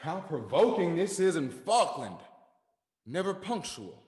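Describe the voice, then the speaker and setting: A man acting an impatient young gentleman grumbling to himself in a live online play. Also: a little high, sing-song, measured pace. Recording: echoey hall, far from mic.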